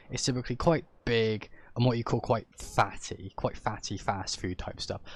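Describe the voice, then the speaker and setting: English guy ranting on stream, opinionated, rambles, keeps correcting himself. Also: medium pitch. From England. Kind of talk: casual ranting livestream talk.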